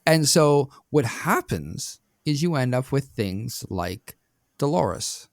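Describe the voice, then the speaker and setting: A man's voice: mid-range voice, very animated, slow pace, no echo, clean studio sound. A man co-hosting a film review podcast, talking casually, blunt and opinionated. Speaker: podcast co-host.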